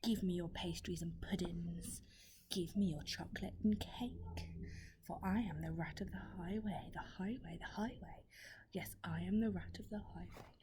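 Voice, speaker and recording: A bullying rat robber of the road, greedy and rude, who hisses his demands in a mellow, half-whispered voice, played by a woman telling a storybook tale. The whisper sits over a faint hiss in the background. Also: lowish voice, normal speed, lightly acted. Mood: whispered menace. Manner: hushed, half-whispered menace.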